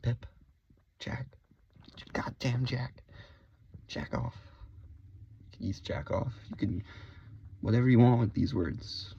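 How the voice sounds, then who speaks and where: A man giving a mock-serious comedic rant to camera, switching between hushed whispers and loud outbursts. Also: medium pitch, unhurried, creaky, long pauses, breathy edge. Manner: spells out words letter by letter. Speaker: video creator. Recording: dull lo-fi recording.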